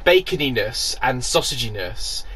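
A man's voice: mid-range voice, normal speed, slight background noise. A man co-hosting a podcast, swearing freely and ranting jokily in casual banter. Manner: animated, sweary, jokey rants. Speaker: podcast co-host.

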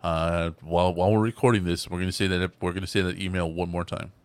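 Deep-voiced man, low rumbling pitch, dry close sound, casual storytelling, voice actor on a podcast. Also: level tone, quick pace, dry recording. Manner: storytelling, slips into gravelly character voices.

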